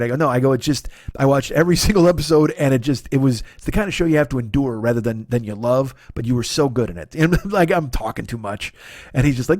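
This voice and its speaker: A man's voice: mid-range voice, animated, fast, a little mellow, no echo. Man, forties, solo comedy podcast, profane, rambling, self-deprecating, dry close sound. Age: 40s. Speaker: podcast host.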